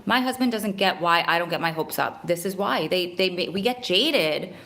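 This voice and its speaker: Bright-voiced woman venting on a live stream. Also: fairly low pitch, animated, moderate pace. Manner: earnest, rambling, self-correcting, reads viewer comments aloud. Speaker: host of a live stream for prison wives.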